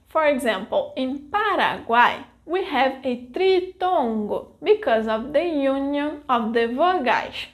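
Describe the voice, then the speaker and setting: A woman with a Brazilian Portuguese accent, a native Portuguese speaker, explaining pronunciation rules carefully and stretching out her example words. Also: high voice. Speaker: language teacher. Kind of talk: pronunciation lesson.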